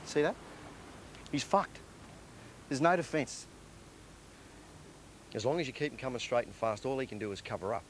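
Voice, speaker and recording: An actor playing a blunt, weary male footballer with an Australian accent and a gruff, terse manner. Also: mid-range voice, animated, normal speed, pauses often, slight background noise, natural voice. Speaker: football player. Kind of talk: film drama acting.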